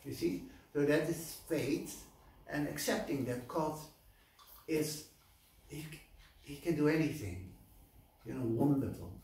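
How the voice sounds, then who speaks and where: A man giving a temple class as an animated storyteller, acting out voices and stopping for fillers, recorded from far off in a large temple hall. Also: a little high, slow, pauses often. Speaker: lecturer at a temple. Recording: echoey hall, mic far off.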